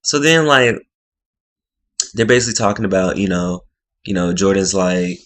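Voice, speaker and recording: A man's voice: sits low, lively intonation, moderate pace, fairly bright tone. A man casually recapping a reality TV episode, rambling with lots of fillers, restarts and slang.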